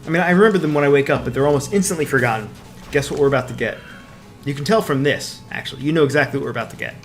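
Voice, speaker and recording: A man chatting casually while playing a game, reacting and thinking out loud. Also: mid-range voice, racing, soft background music. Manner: lively, reacting and musing aloud. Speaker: co-host of a game podcast.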